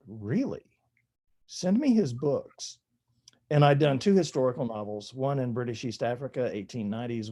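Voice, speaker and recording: An older man, an author guest telling stories in a relaxed, chatty, self-deprecating way in an interview. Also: mid-range voice.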